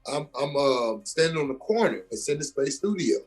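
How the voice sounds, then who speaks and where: A young adult man from Georgia in the US, an actor and comedian guest telling his story with animated emphasis in a casual interview. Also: fairly high pitch, normal speed, breathy edge, soft background music.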